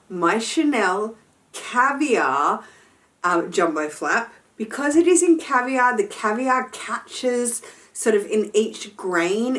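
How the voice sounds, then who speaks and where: A woman's voice: mid-range voice, fairly bright tone. A woman fashion vlogger giving a chatty, enthusiastic sponsored product review, full of playful slang.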